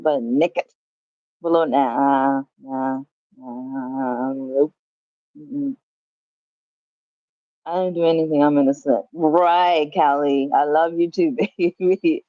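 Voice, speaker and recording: A woman's voice: low voice, slow pace, warm tone, no echo, highs cut off. A woman chatting casually on a livestream from home, swearing freely and laughing as she reads the chat. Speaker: livestream host. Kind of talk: casual live-stream chat.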